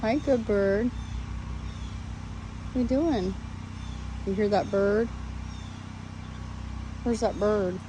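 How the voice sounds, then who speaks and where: A woman's voice: medium pitch, drawn-out words, long pauses, noisy background. A woman talking to her pet parrots in a coaxing, sing-song baby-talk voice, chatting casually as she checks on them. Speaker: parrot owner vlogger. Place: home during a power outage, near bird cages.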